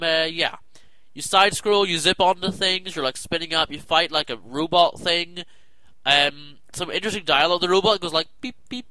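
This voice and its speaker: Young dude rambling excitedly about games, bright punchy voice, dry sound. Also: male voice, on the high side, no room sound, rough recording. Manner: excitable, rambling, lots of fillers. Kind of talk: casual rambling game chat.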